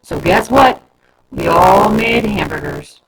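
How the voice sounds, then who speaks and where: A woman reading aloud and voicing a big, strong, pushy schoolgirl with a crush, talking loudly and eagerly, with a lot of background noise. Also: medium pitch, lively intonation, slow, vocal fry.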